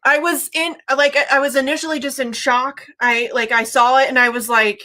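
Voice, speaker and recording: A woman's voice: high-pitched, steady tone, brisk, bright, forceful tone. A woman hosting a casual livestream, sick and close to tears, talking emotionally with lots of swearing and fillers. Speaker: livestream host.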